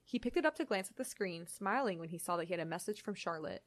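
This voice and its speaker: A young woman reading a story aloud and chatting in between, talking fast with lots of "like". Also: lowish voice, expressive, no room sound. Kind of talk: reading fan fiction aloud and casual chat.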